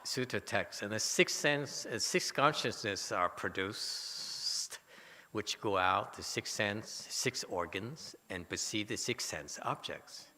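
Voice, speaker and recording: A man teaching a Buddhist dharma lecture, animated and teasing, with many rhetorical questions to his listeners. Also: fairly low pitch, slow pace. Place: temple lecture hall. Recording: hall reverb.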